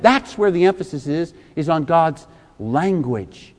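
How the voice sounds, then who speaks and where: A man's voice: fairly high pitch, animated, unhurried. A man in his fifties preaching a sermon as pastor, emphatic and fond of repeated rhetorical questions. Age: 50s. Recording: long reverb of a large hall.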